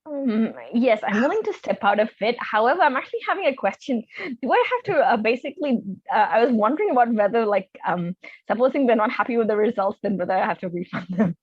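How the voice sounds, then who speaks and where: A woman's voice: a little high, lively intonation, fast, slightly rough, no room sound, highs cut off. A woman taking part in a coaching session, asking questions hesitantly with plenty of fillers. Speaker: coaching client.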